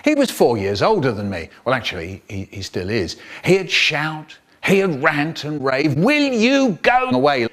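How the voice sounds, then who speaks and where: An older British man telling comic childhood stories in an animated way, switching to high voices for the children and to a low drone for his brother. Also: a little slow, few pauses. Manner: low droning chant for the brother. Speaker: storyteller. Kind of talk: comic storytelling, remixed.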